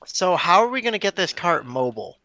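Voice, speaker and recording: A man's voice: high-pitched, sing-song, fairly quick, noisy background. A man playing a tabletop game, joking and swearing casually. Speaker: player.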